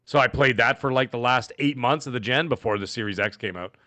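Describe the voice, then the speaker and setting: A middle-aged man co-hosting a gaming podcast in casual chat, animated and jokey, acting out the people he quotes. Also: mid-range voice, a little fast, dry recording. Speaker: podcast co-host.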